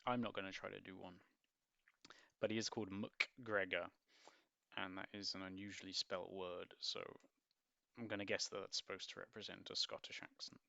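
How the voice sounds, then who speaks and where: A man with a low, gravelly voice that still has a bright, forceful edge reads a children's book aloud. He keeps stopping to muse in wry, hesitant asides. The recording sounds dull and lo-fi. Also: level tone, moderate pace, dry recording. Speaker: book reviewer. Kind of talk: reading a picture book aloud with commentary.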